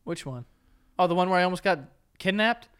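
A man's voice: sits high, animated, fairly quick, fairly bright tone, clear, resonant tone. A young man co-hosting a casual podcast chat, telling stories animatedly and mimicking other people's voices. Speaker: podcast co-host.

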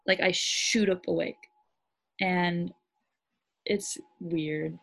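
A woman co-hosting a podcast, telling a story in a lively, laughing way. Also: fairly low pitch, extremely slow, gravelly. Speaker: podcast co-host. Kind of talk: casual chat.

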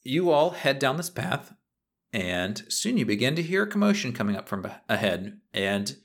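A man's voice: mid-range voice, fairly bright tone. A man hosting a podcast as game master, describing scenes in a playful, detailed way. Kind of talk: narrating a tabletop game.

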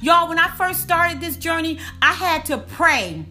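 A woman's voice: extremely high pitch, expressive, bright, forceful tone. A woman giving a preaching-style wellness talk, calling her listeners y'all and repeating lines for emphasis. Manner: repeats lines for emphasis, slow drawn-out punch words. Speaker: faith and wellness speaker.

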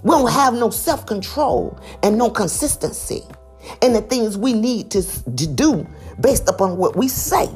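A woman giving a preachy motivational talk, emphatic and full of rhetorical questions, swinging from loud high exclamations to low quiet asides. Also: expressive, unhurried, husky, soft background music. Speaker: motivational speaker.

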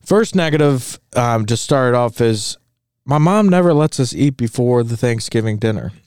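A man's voice: medium pitch, lively intonation, darkish tone, smooth, no room sound, clean studio sound. A man co-hosting a casual podcast chat, joking and self-mocking as he tells stories. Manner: jokey, self-mocking, drawn-out storytelling. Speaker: podcast co-host.

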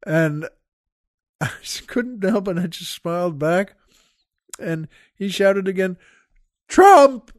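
An older man hosting a podcast, telling a rambling story with many halting restarts and asides to the listeners. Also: high voice, no room sound, studio quality. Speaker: podcast host. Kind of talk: casual storytelling monologue.

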